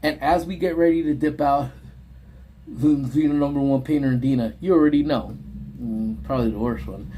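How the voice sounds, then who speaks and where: A man hosting a livestream from his parked car, casually telling a story to his chat and acting out the people in it with high yelps. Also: moderate pace, a little hiss or hum. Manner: animated, voices quoted people in high yelps. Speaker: livestream host.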